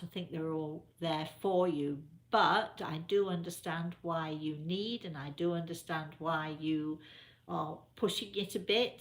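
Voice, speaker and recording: An older woman, a spiritual medium, chatting casually and repeating herself as she gently advises viewers in a live question session. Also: fairly low pitch.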